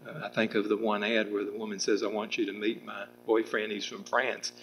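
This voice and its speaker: A man's voice: lowish voice, little pitch movement, a little fast, a bit bright, muffled recording, slight background noise. A middle-aged man answering at a public political debate, rambling with restarts and fillers. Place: public meeting room with audience.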